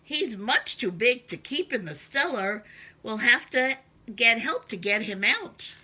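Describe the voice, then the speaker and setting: A woman plays a brisk, matter-of-fact policeman in a children's storybook. Her bright, lively voice keeps things moving. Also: a little high, husky, exaggerated voice. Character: busy, surprised policeman.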